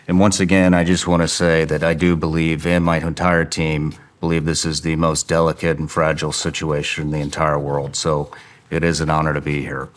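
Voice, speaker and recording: Deep-voiced male host, earnest and a bit halting as he asks questions. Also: little pitch movement. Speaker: podcast host. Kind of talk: interview introduction and questions.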